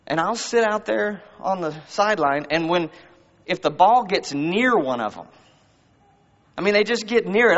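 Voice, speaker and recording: A man's voice: sits high, animated, moderate pace, fairly bright tone. A man preaching a sermon to a congregation in a church, in a conversational style full of rhetorical questions. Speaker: pastor. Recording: muffled, long hall reverb.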